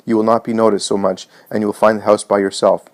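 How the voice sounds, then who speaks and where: A man reading the part of an anxious, determined mistress giving hushed, urgent instructions to a servant, in a low voice. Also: little pitch movement, fast, close to an everyday voice.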